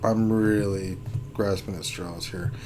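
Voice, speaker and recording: On a casual gaming live stream, the host reviews game rosters, joking, laughing often and thinking out loud. His low voice is steady, slow and mellow, with a little hiss or hum in the audio.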